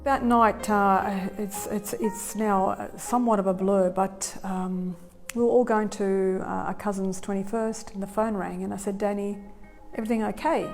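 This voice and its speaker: A middle-aged woman giving emotional interview testimony, speaking softly and haltingly with many pauses. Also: mid-range voice, steady tone, soft background music. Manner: soft-spoken, halting, many fillers. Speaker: grieving mother interviewed.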